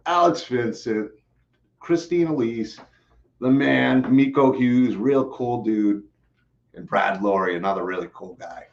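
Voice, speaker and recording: A man hosting a live stream, chatting casually and rambling with lots of fillers and restarts, a bit out of breath. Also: mid-range voice. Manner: rambling, repeats himself, many fillers. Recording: slightly dull, lo-fi stream audio.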